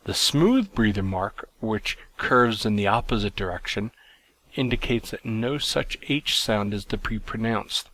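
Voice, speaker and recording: Low-pitched guy teaching a lesson, calm measured explaining, dry room. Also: no room sound. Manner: plain, measured explaining with fillers and restarts. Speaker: Greek teacher. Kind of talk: recorded lesson.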